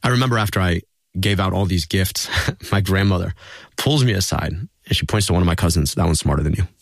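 A man's voice: sits low, fairly quick, vocal fry, no echo. A man, a political guest in an interview, telling personal stories in an earnest, reflective way. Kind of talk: conversational interview storytelling.

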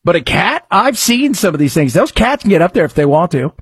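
Male talk-radio host, husky, slightly high voice, conversational rambling. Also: sing-song, dry recording. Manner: rambling, conversational, quick ad patter. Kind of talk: radio talk commentary and live ad reads.

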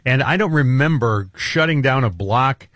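A man's voice: mid-range voice, lively intonation, moderate pace, a bit bright, no echo, studio quality. A man hosting a political talk radio show, chatty and wry in a laid-back way.

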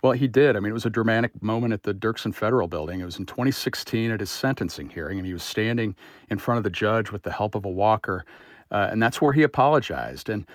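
A man, a political editor, answering interview questions in a measured, slightly halting way. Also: fairly low pitch, lively intonation, no echo, clean studio sound.

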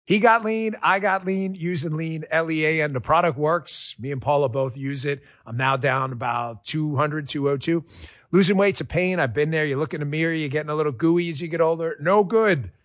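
A man doing a live sponsor read on the radio, energetic and casual. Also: brisk, no echo, studio quality. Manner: pitchy, energetic, casual salesman tone.

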